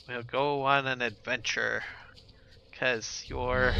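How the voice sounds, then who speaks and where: Slow, gravelly man streaming a game. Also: mid-range voice, flat delivery, background noise. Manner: laid-back, rambling, chats with viewers while playing. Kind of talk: casual live gameplay commentary.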